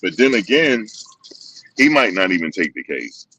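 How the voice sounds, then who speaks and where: Deep-voiced man talking casually. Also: normal speed, distant mic, dull audio, a little hiss or hum. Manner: animated, repetitive storytelling with quoted voices. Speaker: show host. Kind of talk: casual commentary to viewers.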